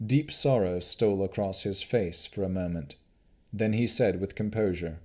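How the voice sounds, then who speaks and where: A man narrating an audiobook of a fantasy novel in a measured, deliberate reading. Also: sits low, mellow.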